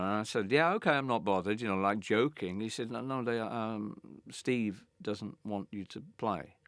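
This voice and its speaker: A man's voice: fairly low pitch, dry recording, studio quality. Older man telling a story. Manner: animated, acts out quoted voices, stammering restarts. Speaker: interviewee, former band guitarist. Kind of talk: anecdotal interview storytelling.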